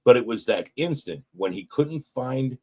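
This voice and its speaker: At a recovery meeting, a man with a medium-pitched voice talks a little slowly through a personal story. His speech is casual and profane, and he animatedly re-enacts people's words in quoted voices.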